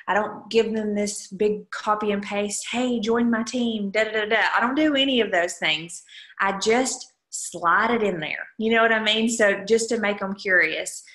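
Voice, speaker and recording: A woman's voice: medium pitch, a bit bright. Upbeat woman coaching on a roomy call. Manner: chatty and upbeat, with frequent asides to listeners. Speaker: sales team leader coaching her team. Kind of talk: casual coaching talk on a video call. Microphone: video call microphone.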